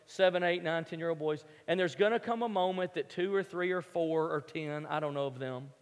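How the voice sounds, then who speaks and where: Man preaching, high voice, storytelling, emphatic, long hall reverb. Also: a little fast. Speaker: pastor. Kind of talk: sermon.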